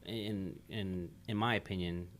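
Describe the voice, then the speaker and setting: A man with a lowish voice hosting a relaxed podcast chat. He stumbles and restarts his sentences often. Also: measured pace. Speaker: podcast host.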